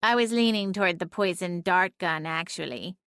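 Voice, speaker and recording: A woman's voice: on the low side, moderate pace, fairly bright tone, clear, resonant tone, no room sound. A woman voicing a small, sassy female talking cat who is bossy and bloodthirsty, in a dry audiobook reading. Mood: snarky. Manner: snarky, bossy, dramatic.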